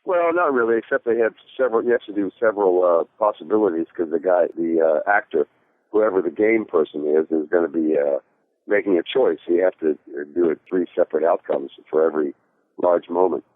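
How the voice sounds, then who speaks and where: Man telling a rambling anecdote, very low voice, thin phone-line sound, dry. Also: a little fast. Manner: rambling, with many fillers and restarts. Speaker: actor guest in an interview. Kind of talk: casual anecdotal storytelling. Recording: tinny phone-like call audio.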